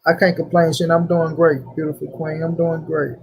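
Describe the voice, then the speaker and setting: A man's voice: on the high side, level tone, moderate pace, breathy edge. A young man hosting a casual livestream, talking loosely in slang and greeting viewers by name. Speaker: livestream host.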